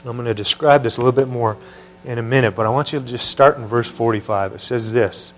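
A man's voice: mid-range voice, quick pace. Male preacher, teaching sermon, conversational, questions to the room, mains hum under the voice.

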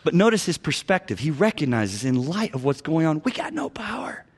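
A man teaching biblical counseling as a preacher, emphatic, swinging between loud urging and hushed low phrases and repeating key words. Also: big pitch swings, a little fast, slightly rough.

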